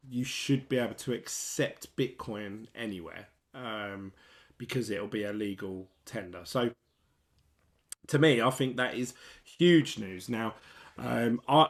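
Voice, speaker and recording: A chatty man talking straight to his viewers in a relaxed, excitable way. His voice sits at an ordinary middle pitch, and his rambling asides keep it loose and informal. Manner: chatty, excitable, laughs at his own story. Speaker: crypto YouTuber. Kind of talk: casual chat to camera.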